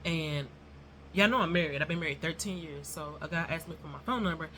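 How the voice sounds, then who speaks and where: Chatty woman vlogger, bright tense voice, rambles on to y'all about her week. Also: deep voice, brisk, slight background noise. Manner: self-described nervous and non-confrontational. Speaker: YouTuber. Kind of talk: casual storytelling vlog.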